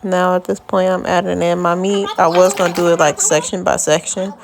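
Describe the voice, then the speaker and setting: A woman's voice: on the low side, level tone, fairly quick, gravelly, slight background noise. Laid-back, profane woman cooking at home. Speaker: home cook vlogger. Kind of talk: casual cooking narration. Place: home kitchen.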